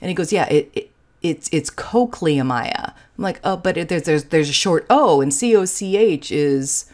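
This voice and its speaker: A woman's voice: on the low side, normal speed, a little mellow. A woman with a Southern US accent giving a casual, joking science lecture with frequent fillers. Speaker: lecturer in forensic entomology. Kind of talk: recorded lecture with slides.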